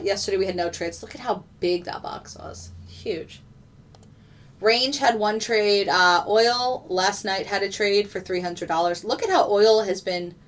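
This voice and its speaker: A woman hosting a casual live stream, chatting to viewers and talking through her trades. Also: mid-range voice. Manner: chatty, reads out chat and trades. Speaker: trading streamer.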